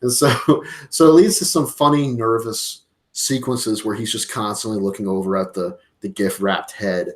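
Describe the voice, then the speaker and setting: A man's voice: fairly low pitch, normal speed. A man co-hosting a podcast, retelling a film in a casual, profane way, acting out lines and laughing often. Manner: animated, profane storytelling with acted-out quotes and laughs. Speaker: podcast co-host. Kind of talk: casual movie review chat.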